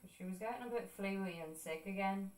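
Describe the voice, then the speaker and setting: A woman's voice: mid-range voice, fairly quick, a little mellow. A young Irish woman telling stories in casual chat, swearing freely and laughing often. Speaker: art streamer. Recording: roomy sound, distant mic.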